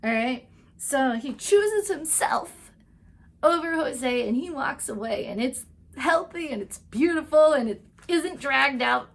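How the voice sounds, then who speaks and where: A woman's voice: high-pitched, animated, creaky. A woman giving a casual, gushing recap of TV episodes, chatty and full of "like" and "um", briefly acting out the characters' lines. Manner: acts out characters' lines in quick asides. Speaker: TV recap and tarot vlogger.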